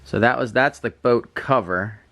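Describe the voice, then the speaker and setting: A man's voice: medium pitch, measured pace, gravelly, a bit bright. A young man chatting casually with his mother, giving short, joking replies. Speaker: host's adult son. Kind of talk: casual chat.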